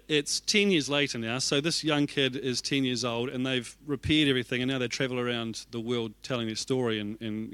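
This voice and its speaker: A man's voice: mid-range voice, pushed and bright, no room sound. A man, an executive pastor telling a self-deprecating story in a sermon and acting out his own reactions.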